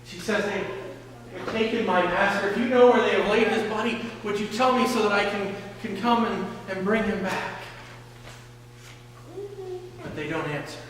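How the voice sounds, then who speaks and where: A man preaching a sermon as pastor, slowly retelling a scripture story and often repeating words. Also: high-pitched, a bit bright, a little hiss or hum. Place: church sanctuary. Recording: echoey church hall from a distance.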